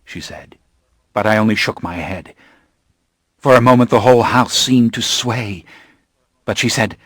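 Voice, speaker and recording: A man reading a first-person audiobook narration in a measured, grim, deliberate manner on a studio microphone. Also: on the low side, no echo.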